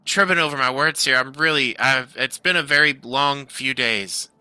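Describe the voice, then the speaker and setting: A man's voice: medium pitch, normal speed, sharp tone, clean tone, no echo. A man voicing a nervous, talkative young male halfling craftsman who keeps tripping over his words. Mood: flustered. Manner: flustered, apologetic, stumbling over words.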